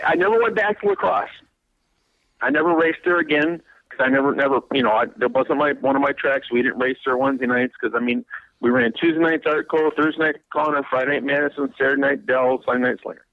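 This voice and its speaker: A man's voice: medium pitch, fast talker, gravelly, no room sound, phone-quality sound. A race car driver in his fifties, from Wisconsin, telling a long rambling story in a radio interview, laughing and repeating words as he gets going.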